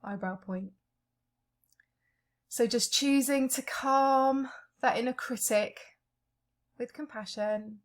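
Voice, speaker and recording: Slow, gentle woman guiding a tapping session. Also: fairly high pitch. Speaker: EFT tapping practitioner.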